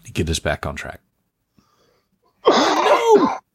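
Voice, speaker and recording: A man's voice: deep voice, expressive, a little slow, no echo, clean studio sound. A man co-hosting a podcast, talking animatedly and joking, laughing often. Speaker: podcast co-host and author. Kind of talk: casual podcast chat. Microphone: remote call.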